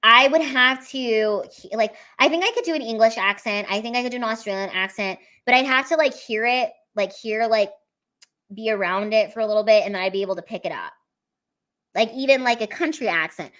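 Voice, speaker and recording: An excitable woman from the United States, talking loosely on a livestream after her comedy shows. She laughs a lot, swears without a second thought, and keeps dropping sentences halfway to restart them. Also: a little high, a little fast. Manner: chatty and excitable, laughs often, swears casually. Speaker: stand-up comedian. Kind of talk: casual livestream chat reading viewer comments.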